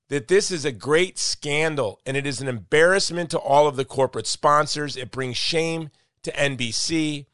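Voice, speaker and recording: A man's voice: a little high, fairly bright tone, no echo, studio quality. A man hosting a podcast in casual chat, speaking with passion and repeating points for emphasis. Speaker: podcast host.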